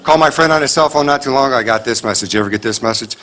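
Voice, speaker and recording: A male stand-up comedian from the United States, teasing the audience with a wry, deadpan delivery on a club stage with a handheld mic. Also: medium pitch, rapid-fire. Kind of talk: stand-up comedy with crowd work. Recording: echoey club with crowd laughter and noise.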